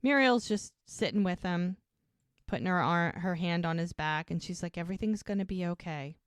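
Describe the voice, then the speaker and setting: Smooth low-voiced woman recapping scenes. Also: lively intonation, normal speed, dry recording, clean studio sound. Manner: retells scenes, quoting the characters' lines in little voices. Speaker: podcast co-host recapping episodes. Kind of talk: casual recap chat.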